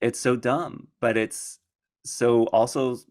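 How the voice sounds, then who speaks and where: A man's voice: medium pitch, steady tone, slow pace, darkish tone. A man answering audience questions at a conference in a rambling, casual way, laughing often and restarting his sentences. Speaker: conference speaker.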